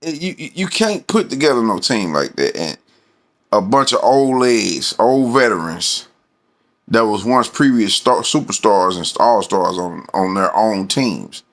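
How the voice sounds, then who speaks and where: A man's voice: medium pitch, sing-song, slow pace, a bit bright. A man ranting casually about his team, rambling and profane, with many fillers. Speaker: sports fan vlogger. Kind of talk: casual fan rant.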